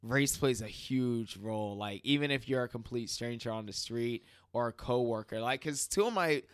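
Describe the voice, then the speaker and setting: A man co-hosting a casual talk show, laughing often and getting animated when he tells a story. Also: mid-range voice, moderate pace, smooth, no echo, studio quality. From Caribbean. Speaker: podcast co-host. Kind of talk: casual chat.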